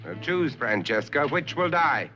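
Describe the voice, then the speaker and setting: An actor playing a cruel, commanding middle-aged prince in a cold, mocking manner. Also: male voice, a little high, sing-song, unhurried, loud music behind the voice. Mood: menacing. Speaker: film villain. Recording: dull old film soundtrack with loud score.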